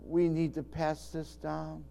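A man's voice: a little high, completely flat delivery, slow pace, gravelly, dark tone, slight background noise. An older man preaching a sermon in a folksy, rambling way, often restarting his sentences. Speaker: pastor.

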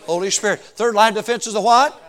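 A man's voice: high-pitched, fast. A middle-aged man preaching a sermon, telling stories, laughing often and calling for answers from the congregation. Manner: animated, calls for answers from the congregation.

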